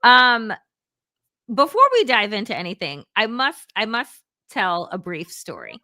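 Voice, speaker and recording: A woman political analyst in casual conversation, telling a lively anecdote and quoting others as she goes. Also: medium pitch, unhurried, no echo, studio quality. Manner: lively, quotes others in voices, laughs often. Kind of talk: casual chat, animated storytelling.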